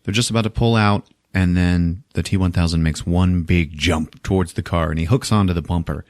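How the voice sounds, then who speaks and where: A man hosting a podcast, recapping a movie in a casual, profane, animated way and laughing often. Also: low-pitched, brisk, no room sound, studio quality. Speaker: podcast host.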